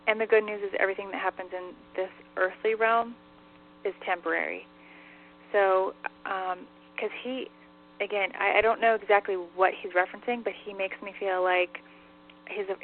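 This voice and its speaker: Woman, psychic medium, chatty and giggly, mid-pitched voice, phone-line audio, faint hiss. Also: fairly even intonation, normal speed. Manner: chatty, laughing easily, many "like"s. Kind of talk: relaying spirit messages on a call-in radio show.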